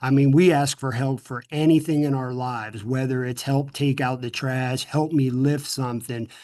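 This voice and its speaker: A man's voice: medium pitch, fairly even intonation, normal speed, warm tone. A middle-aged man from the United States, answering interview questions earnestly, often repeating words and restarting sentences. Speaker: guest speaker.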